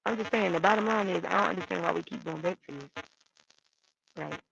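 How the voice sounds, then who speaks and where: A woman's voice: fairly low pitch, brisk, creaky, a bit bright, husky. A woman calling in to a stream, defending herself and repeating her points, heard over a glitchy, muffled microphone. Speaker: call-in guest. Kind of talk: heated casual chat. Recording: muffled glitchy call-in mic.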